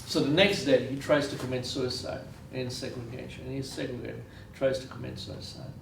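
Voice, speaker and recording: A man's voice: mid-range voice, fairly even intonation, moderate pace, gravelly, roomy sound, slight background noise. A man from Israel giving a lecture, telling stories earnestly and repeating phrases for weight, recorded from far off in a university lecture room. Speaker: guest lecturer. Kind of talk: storytelling lecture.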